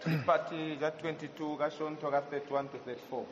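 A man translates a sermon phrase by phrase, speaking quickly and briskly after each line from the preacher. His voice sits a little high, and a long hall echo with faint room ambience surrounds it. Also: fairly even intonation, highs cut off, a little hiss or hum. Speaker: interpreter. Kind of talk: live sermon interpreting.

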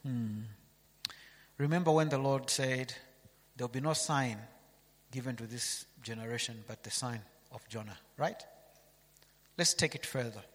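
A man's voice: mid-range voice, measured pace, long pauses, a bit bright, big-room sound. A man preaching a sermon, reading scripture aloud and asking his listeners rhetorical questions.

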